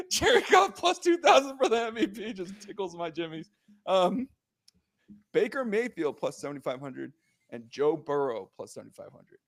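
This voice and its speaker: A young man hosting a casual sports podcast, animated and joking, heated as he rants, full of slang and filler words. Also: high voice, moderate pace. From Korean American. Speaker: podcast host.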